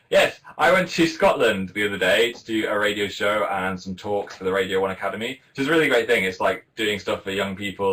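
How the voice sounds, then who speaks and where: A young man hosts a casual live stream and reads out viewer comments in a playful, chatty way. His voice sits fairly low, and his pitch jumps up and down all the time. It sounds as if he is speaking into a webcam mic at home. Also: low-quality recording. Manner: chatty and playful, animated ups and downs in pitch. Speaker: livestream host reading fan comments.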